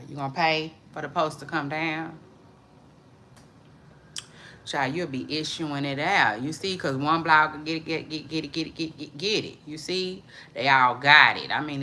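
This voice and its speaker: A woman's voice: low-pitched, sharp tone, slight background noise. A woman hosting a casual celebrity gossip livestream, drawling and loose, calling viewers "child" and repeating her catchphrases.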